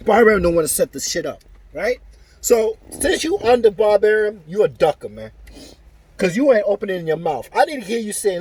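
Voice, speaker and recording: Heated and profane, a male boxing vlogger delivers an angry opinion rant to camera, saying things over and over as he vents. His voice is high-pitched, very animated, and breathy-edged, at a moderate pace, with a dry recording.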